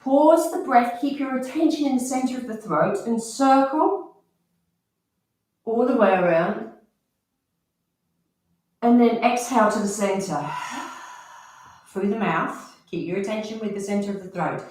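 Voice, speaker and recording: A woman guides a stretch and breathing session in a calm coaching manner, letting out sighs and breaths as she moves. Her voice sits a little high and comes from some distance away from the mic. The room rings with strong echo. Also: unhurried, pauses often. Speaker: movement and breath instructor. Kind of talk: guided exercise instruction. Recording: roomy sound from far off the mic.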